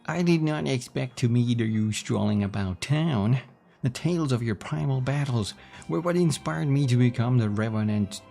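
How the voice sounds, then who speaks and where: A man's voice: medium pitch, expressive, normal speed, vocal fry, mellow, faint music behind, voice pushed up. A man voicing an earnest, starstruck young woman recruit who speaks in formal, archaic phrases.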